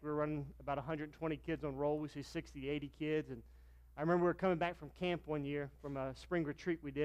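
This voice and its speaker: A middle-aged man, a pastor preaching a sermon and telling stories, acting out the dialogue in them. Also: fairly high pitch. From Virginia, US. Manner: storytelling, acts out dialogue with raised voice.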